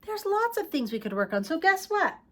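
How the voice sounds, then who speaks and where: A woman teaching a preschool lesson, asking the children questions in a slow, sing-song way and singing short songs. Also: very high voice, very animated, sharp tone.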